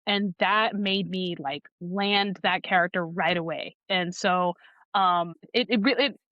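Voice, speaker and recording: A woman audiobook narrator talking thoughtfully in an interview, pausing and restarting as she gathers her words. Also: fairly low pitch, steady tone, no room sound, muffled recording. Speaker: audiobook narrator and podcast guest. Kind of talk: conversational interview.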